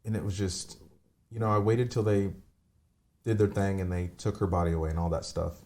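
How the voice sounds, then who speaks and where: As a podcast guest, a forties-aged man speaks a little quickly in a low, dark voice with a steady tone. Loose and candid, he rambles through a painful story from his life, cursing casually along the way.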